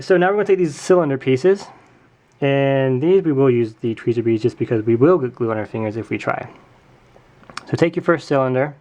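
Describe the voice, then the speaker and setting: Hosting a casual craft tutorial at home, a man with a mid-range, darkish voice chats as he works by hand. He keeps correcting himself and tossing in jokey asides.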